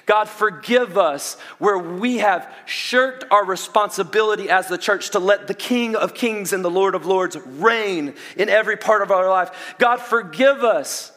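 A young adult man with a Southern US accent, preaching a sermon in an animated way, with quick asides and restarts. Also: high voice. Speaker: pastor. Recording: long reverb of a large hall.

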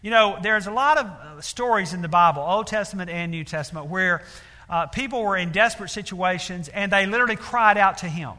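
Preaching in a large hall with long reverb, this man speaks briskly in a high, bright, forceful voice. He tells a story earnestly, using many fillers, and builds toward emphatic appeals.

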